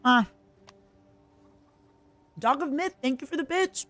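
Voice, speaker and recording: A young woman with a high, slightly bright voice and lively intonation talks slowly while streaming a video game. She rambles casually and chats with her viewers, reading their messages aloud and answering them.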